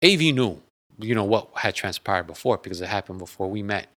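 A man with a fairly low voice tells a personal story in an easygoing, earnest way. He rambles, repeating words and restarting sentences as he goes. The sound is dry and close, with no room echo. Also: expressive, fairly quick, a bit bright. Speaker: guest sharing a personal story. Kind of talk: casual storytelling.

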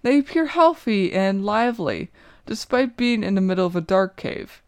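A woman's voice: medium pitch, expressive, normal speed, a little mellow, clean tone, no room sound. A young woman reading her own short story aloud in the first person, with an earnest, emotional, inward delivery.

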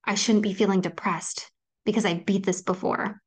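A woman's voice: mid-range voice, steady tone, normal speed, slightly rough. A woman hosting a solo podcast, talking earnestly and reassuringly to her listeners, with frequent ums. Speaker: podcast host. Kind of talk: personal solo podcast talk.

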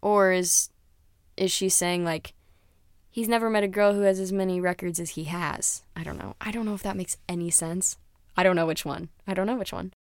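A woman's voice: on the low side, fairly even intonation, moderate pace, smooth, no echo, clean studio sound. A young woman chatting casually as a music reviewer, rambling and dropping into whispered asides. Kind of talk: casual chat.

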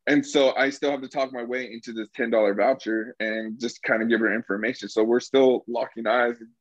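Young man, casual storyteller, animated and swearing freely, slightly dull dry recording. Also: mid-range voice, brisk, no room sound. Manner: animated, laughing, heavy swearing.

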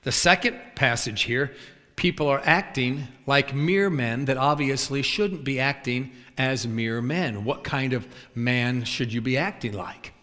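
A male preacher delivers a lively sermon, telling funny stories and acting out the scenes. His voice sits at a middling pitch and rings with the long reverb of a big church sanctuary. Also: a little slow. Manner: animated, acts out scenes and chuckles at his own stories. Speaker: traveling preacher. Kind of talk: sermon with humorous storytelling.

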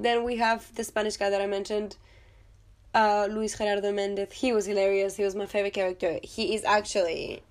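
A woman vlogger talking casually about a film, chatty and blunt, with swearing and rambling asides. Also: medium pitch. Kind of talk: casual chat.

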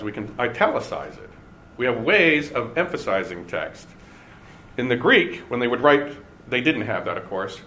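Male Bible teacher, measured lecture delivery, faint background hiss. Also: medium pitch, a bit bright. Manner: deliberate, stresses key words with pauses.

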